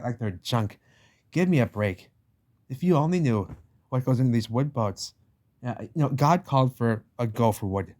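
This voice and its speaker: A man ranting his way through a picture book in a loose, slangy commentary. He is emphatic and repetitive, drops casual swears and talks straight to the listener. His voice sits at an ordinary middle pitch for a man. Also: a little mellow. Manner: slangy, addresses listener as "baby". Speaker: channel host.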